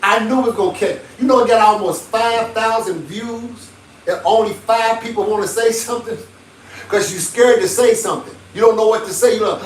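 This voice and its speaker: A man, a pastor ranting emphatically on a livestream, swinging between shouting and low muttering. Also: normal speed, echoey room, distant mic, slight background noise, low-quality recording. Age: 50s. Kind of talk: livestream preaching rant.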